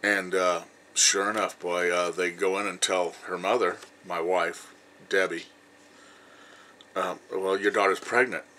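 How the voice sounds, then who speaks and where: A man's voice: low-pitched, flat delivery, slow, sharp tone, a little hiss or hum, low-quality recording. Blunt, rambling man in his fifties. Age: 50s. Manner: blunt, rambling, peppered with "you know", swears freely. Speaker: vlogger. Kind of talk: rambling personal storytelling to camera.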